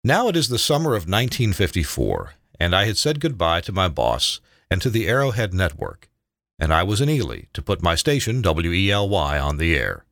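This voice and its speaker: An older man reading his own memoir aloud in a measured, reflective way. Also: sits low, big pitch swings, fairly bright tone, dry recording, studio quality.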